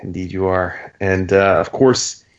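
A man co-hosting a comics podcast with dry, deadpan quips. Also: deep voice, a little slow. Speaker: podcast co-host. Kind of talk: casual chat. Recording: dull lo-fi sound.

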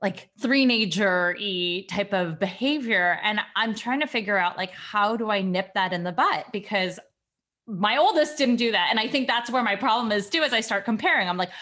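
A woman's voice: medium pitch, animated, normal speed, a bit bright. A mother candidly asking for advice, talking in a rambling way with many "like"s. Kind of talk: casual chat.

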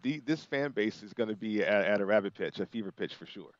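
A man's voice: lowish voice, expressive, brisk, no room sound, highs cut off. A man appearing as a guest football analyst on a radio show, talking enthusiastically with many fillers. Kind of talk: casual radio interview.

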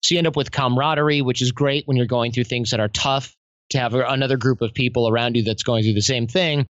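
A man talks as a guest on a podcast, telling lively stories and acting out what other people said. His voice sits in the middle of the male range. The recording is dry and a little muffled. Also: medium pitch, fast talker, no echo. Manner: animated storytelling, acts out quotes in other voices. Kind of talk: conversational interview.

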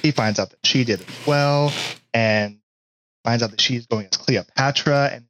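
A man casually improvising a romantic story idea as a podcast co-host, in a measured way. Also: mid-range voice, fairly bright tone, slight background noise, poor audio.

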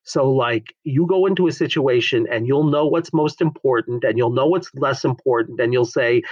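A man's voice: mid-range voice, moderate pace, few pauses, darkish tone, husky, no room sound, highs cut off. A man who teaches the Enneagram in frank, emphatic conversation, swearing now and then.

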